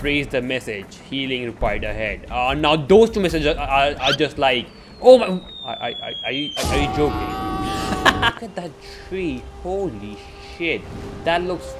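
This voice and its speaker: A man giving comedic commentary as he plays a video game for the first time, stammering, swearing and laughing as he goes. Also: mid-range voice. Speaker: gaming YouTuber. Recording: background game music.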